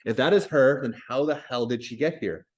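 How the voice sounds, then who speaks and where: A man's voice: mid-range voice, a little fast, natural voice. A man reading as a skeptical, blunt woman. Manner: doubtful, questioning.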